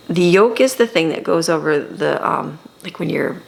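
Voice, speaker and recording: A woman's voice: deep voice, animated, normal speed, creaky, hardly any pauses. A middle-aged woman giving a casual Christian devotional talk, conversational and repetitive, often laughing. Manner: conversational, repeats phrases, frequent laughs. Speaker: Christian homeschool and faith teacher.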